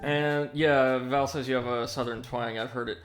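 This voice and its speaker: A man's voice: medium pitch, steady tone, normal speed, soft background music. A young man casually commenting on a video game while reading viewer messages aloud. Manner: rambling, chatty, reads chat aloud. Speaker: livestream gamer.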